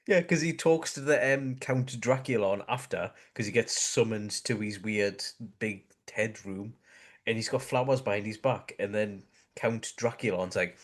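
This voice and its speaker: A man, co-hosting a casual film chat, laid-back and halting. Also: lowish voice. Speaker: podcast co-host.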